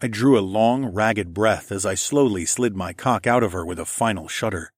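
A man narrating a first-person story in a steady, even storytelling voice. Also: on the low side, normal speed, no echo, studio quality. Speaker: audiobook narrator.

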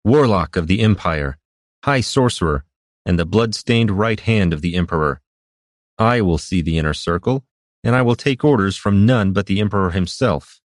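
A man's voice: low voice, normal speed, dry recording, studio quality, natural voice. A man voicing a commanding male warlock who speaks evenly and with authority. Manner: even, commanding. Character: commanding old male warlock, calm and imposing.

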